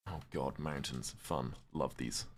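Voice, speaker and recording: Deep-voiced man chatting on stream. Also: fairly even intonation, unhurried, background noise. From United Kingdom. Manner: chatty, answers viewers' questions, swears casually. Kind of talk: casual live-stream chat while gaming.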